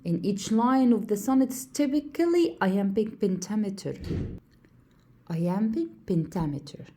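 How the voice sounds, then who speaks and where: Teaching poetry in a classroom, a slow, mellow Egyptian woman speaks with medium pitch, expressiveness, and an Egyptian Arabic accent. She repeats points, answers the questions she raises, and counts out stresses.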